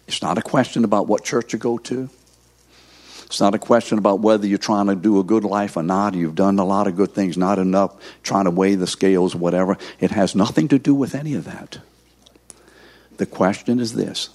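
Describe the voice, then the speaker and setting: Male preacher, fairly low voice, slow emphatic delivery, middle-aged, quizzes listeners. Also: darkish tone. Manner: teacherly, asks the audience to fill in words. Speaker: pastor teaching a course session. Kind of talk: sermon.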